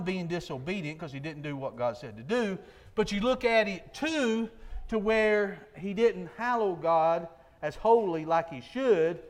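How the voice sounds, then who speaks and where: Man, preacher, sermon, folksy, earnest, high voice. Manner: earnest, rhetorical questions, folksy grammar.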